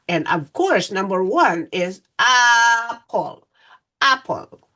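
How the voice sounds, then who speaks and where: A woman's voice: fairly high pitch, bright, forceful tone. A woman teacher giving a phonics lesson to young children, patient and repetitive, often saying "all right".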